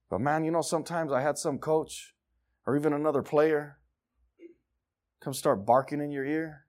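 A pastor preaching a sermon, moving from quiet, rambling talk with restarts to loud, urgent exhortation. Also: male voice, a little high, fairly even intonation, normal speed, long pauses. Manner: conversational, with repetitions and restarts.

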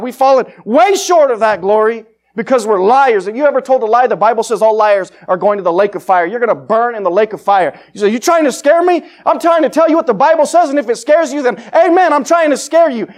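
Man, preacher, high voice, fiery, confrontational, loud-to-hushed swings. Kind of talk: evangelistic sermon.

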